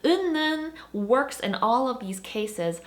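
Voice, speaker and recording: A woman teaching a grammar lesson online, her voice rising and falling in a lively, animated way. She explains each point with clear emphasis, like a teacher walking viewers through examples. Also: a little high, normal speed. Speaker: Korean language teacher.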